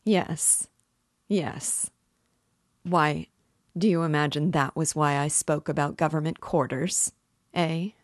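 A woman's voice: deep voice, takes it slowly, long pauses, no room sound, clean studio sound. A woman voicing a sly, fussy, jovial middle-aged male police investigator in an audiobook reading. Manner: fussy, cajoling, laughing.

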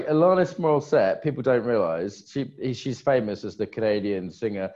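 A man's voice: medium pitch, expressive, normal speed, mellow. A man co-hosting a conference, chatting casually with playful, joking asides. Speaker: conference co-host. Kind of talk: casual chat. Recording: dull lo-fi sound.

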